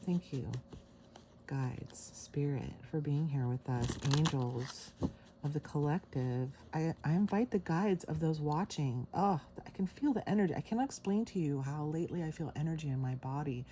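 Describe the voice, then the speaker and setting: A woman giving a casual tarot reading to camera, excited and emotional, with sighs. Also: sits low, moderate pace, slight background noise. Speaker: tarot reader. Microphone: camera mic.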